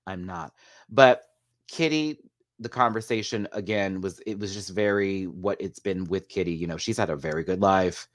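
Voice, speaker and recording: A man giving a sassy, animated live video review of a drag competition show, laughing often as he talks. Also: low voice, moderate pace, no echo, studio quality.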